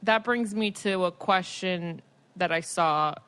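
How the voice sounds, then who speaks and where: Twenties gal on a podcast, giggly rambling storyteller, dry close mic. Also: female voice, fairly low pitch, takes it slowly, smooth, dry recording. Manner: animated storytelling, laughing, heavy "like" fillers. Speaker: podcast co-host. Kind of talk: casual chat.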